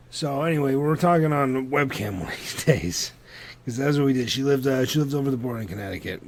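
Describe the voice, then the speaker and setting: A man's voice: medium pitch, a little hiss or hum. A man co-hosting a podcast, telling a long story in casual chat, swearing freely and laughing at his own tale. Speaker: podcast co-host.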